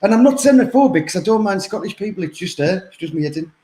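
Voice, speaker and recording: A man's voice: sits high, expressive, quick pace, warm tone, roomy sound. A man, co-hosting a crude comedy chat show, giggling often. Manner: giggly, laughs a lot, crude. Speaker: co-host.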